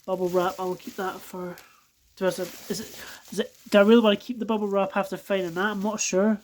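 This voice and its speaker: A Scottish woman talks through an unboxing from her home floor, casual and unscripted. She swears freely, sounds exasperated, and keeps breaking off to apologize to her viewers. Her pitch sits at an everyday middle level for a woman. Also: flat delivery, a little fast, darkish tone. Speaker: toy collector reviewing die-cast cars. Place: at home, indoors on a carpeted floor.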